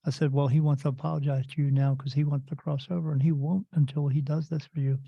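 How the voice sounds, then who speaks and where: A man's voice: fairly high pitch, flat delivery, quick pace, gravelly, breathy edge, dry recording, muffled recording. A man hosting a podcast, telling a rambling story in casual talk full of restarts and quoted dialogue. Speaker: podcast host and spirit medium.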